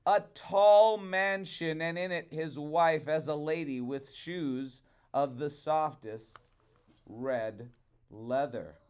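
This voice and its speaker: A man reading a fairy tale aloud to children in a rhythmic, expressive way. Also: fairly high pitch, takes it slowly, clean tone. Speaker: storyteller.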